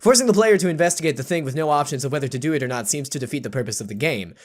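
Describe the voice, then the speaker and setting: A man's voice: on the high side, lively intonation, racing, darkish tone. Man, let's play narration, sarcastic asides, bouncy intonation. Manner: jokey, sarcastic, rambling asides. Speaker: YouTube gamer. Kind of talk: let's play, reading game text aloud with commentary.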